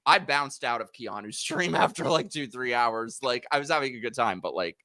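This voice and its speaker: A man's voice: medium pitch, animated, normal speed, sharp tone, dry recording. A man hosting a live stream, chatting casually and animatedly, laughing and mimicking people in his stories. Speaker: streamer host.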